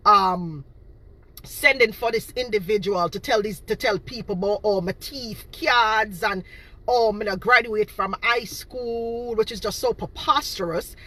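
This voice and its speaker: A woman's voice: mid-range voice, unhurried, bright, forceful tone. A woman in her thirties from Boston with a Jamaican patois-inflected accent, talking casually and indignantly to her viewers, repeating herself for emphasis. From Boston, Massachusetts. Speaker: cake seller.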